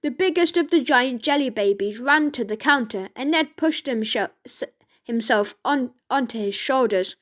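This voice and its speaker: A woman reading a children's audiobook aloud, slowly and with the odd stumble and self-correction. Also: fairly high pitch, expressive, fairly bright tone. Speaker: reader.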